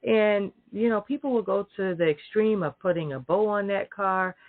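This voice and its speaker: A woman's voice: mid-range voice, moderate pace, dry recording. A woman ranting casually to her viewers, emphatic and profane, heavy on fillers. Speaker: vlogger. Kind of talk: casual rant to camera. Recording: dry tinny phone-like sound.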